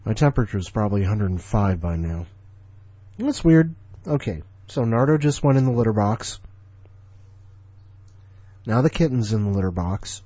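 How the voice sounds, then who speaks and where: A podcast host in his forties rambles in an offhand, grumbling way between segments. His voice is low, mellow and a bit husky. It is recorded dry and close, with a dull lo-fi sound. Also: expressive, moderate pace, long pauses, no echo. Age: 40s. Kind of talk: casual rambling chat.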